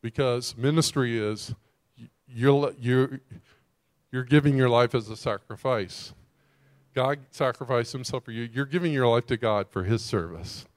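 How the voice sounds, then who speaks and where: A man preaching a sermon as a pastor, animated and emphatic, often putting rhetorical questions to his listeners. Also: medium pitch, measured pace, dry recording, studio quality.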